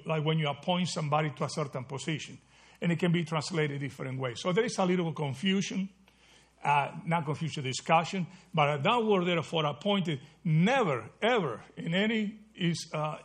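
Husky-voiced man teaching scripture. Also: fairly high pitch. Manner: conversational, checks in with "okay?" and "right?"; self-correcting, restarts mid-phrase. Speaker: Bible teacher. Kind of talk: sermon Bible study.

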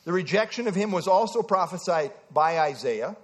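High-voiced man teaching Bible study. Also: animated, moderate pace. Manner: conversational, asks the group questions, frequent "uh" fillers. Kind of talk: evening Bible study lecture.

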